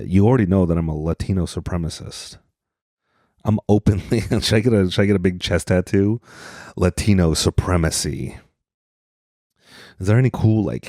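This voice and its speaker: A man's voice: deep voice, dark tone, no echo, clean studio sound. A man from Utah hosting a solo comedy podcast, rambling and joking at his own expense. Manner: rambling, self-deprecating, jokey. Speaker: podcast host.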